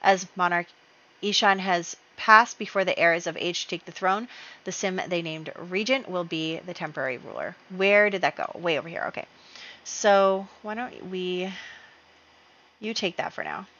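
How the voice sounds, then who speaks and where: A woman's voice: lowish voice, normal speed, bright, forceful tone, lo-fi sound. A woman hosting a let's play, chatting casually as she narrates her game moves with fillers and small laughs.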